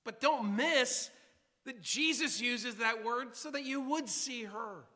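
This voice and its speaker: A man's voice: extremely high pitch, takes it slowly, pushed and bright. A man preaching a sermon to his congregation, emphatic and repetitive, often restarting his words. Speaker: pastor. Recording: long hall reverb.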